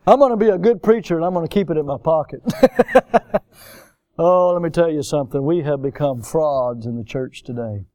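A man's voice: fairly high pitch, normal speed, dark tone, no echo. A man pastor delivering a sermon in a folksy, emphatic way, drawing out stressed words.

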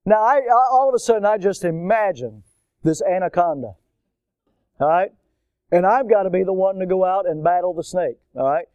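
A man's voice: high voice, smooth, no room sound, lo-fi sound. A man from Florida preaching a storytelling sermon, acting out the voices in his story. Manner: animated storyteller, acts out voices.

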